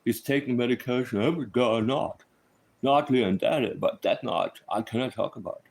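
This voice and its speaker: Brief: man impersonating a curt official stonewalling questions, clipped and evasive, mid-pitched. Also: normal speed, darkish tone, a little hiss or hum, natural voice.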